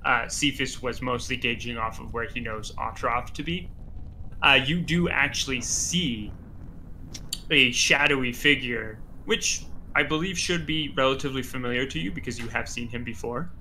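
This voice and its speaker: A man narrating as game master in a tabletop game, halting, with many fillers. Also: mid-range voice, bright, forceful tone, a little hiss or hum.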